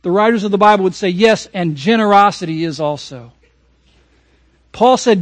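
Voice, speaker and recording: High-voiced pastor guy giving a sermon, punchy then quiet, super dry close sound. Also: animated, moderate pace, no echo. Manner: emphatic preaching, swings from raised to hushed.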